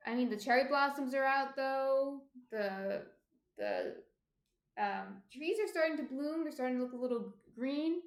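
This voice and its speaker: Her voice is high-pitched and animated at a measured pace as this New Jersey-accented woman bakes at home and chats with live-stream viewers, often trailing off with ums. There's a roomy echo from the indoor spot near the kitchen.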